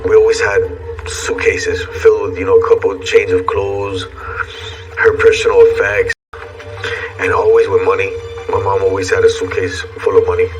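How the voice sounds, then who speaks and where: A man giving a reflective, measured documentary interview recollection. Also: sits low, little pitch movement. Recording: distant mic with music underscore.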